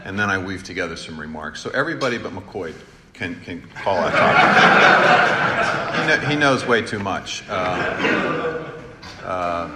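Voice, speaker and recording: A man's voice: sits low, expressive, unhurried, pauses often. A middle-aged man, a former governor, telling self-deprecating anecdotes in an informal speech to an audience in a large hall. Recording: echoey hall, room noise.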